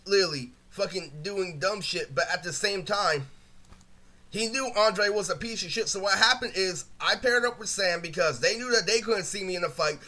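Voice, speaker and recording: In a vlog-style storytime, a man with a high, bright voice rants about something that happened to him, sounding aggrieved throughout. He rambles in loose bursts at normal speed, swearing constantly and leaning on filler words.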